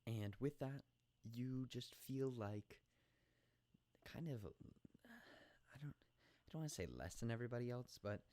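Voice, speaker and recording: A man's voice: mid-range voice, unhurried, long pauses, dark tone, no room sound. A young man hosting a casual solo podcast, rambling and joking about himself, with lots of restarts, talking into a podcast microphone at home. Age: young adult. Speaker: podcast host. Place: indoor room at home at night.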